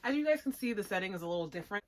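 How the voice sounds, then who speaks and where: Talking very fast with lively intonation at a medium pitch, a young woman reviews an anime episode at home among her plushies. Her take is casual, slangy and sarcastic, sprinkled with giggly asides.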